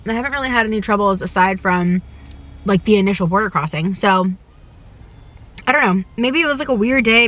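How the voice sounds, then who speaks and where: Bright-voiced woman chatting in a car. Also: a little high. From United States. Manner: chatty, gushing, talks with her mouth full. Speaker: travel vlogger. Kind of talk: casual chat to camera while eating. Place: inside a parked car. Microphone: camera.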